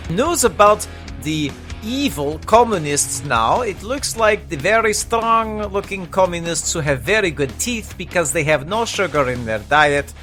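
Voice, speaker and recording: A man's voice: medium pitch, normal speed, pushed and bright, soft background music. A man voicing a Soviet radio operator who poses as an American host, speaking in exaggerated broken English with a boastful announcer delivery. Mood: mock-announcer.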